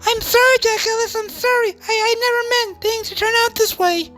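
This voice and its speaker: Woman voicing a high, stammering, lovestruck girl who is dangerously obsessive, for a game dub. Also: fairly even intonation, a little fast, fairly bright tone, faint music behind. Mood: panicked. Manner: breathless, pleading, stammering. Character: obsessive lovestruck young woman wielding a machete.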